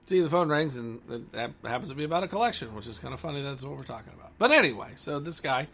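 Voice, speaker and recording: A man's voice: mid-range voice, creaky, a bit bright, slight background noise. A man who owns a comic store, talking bluntly and combatively in a ranting monologue.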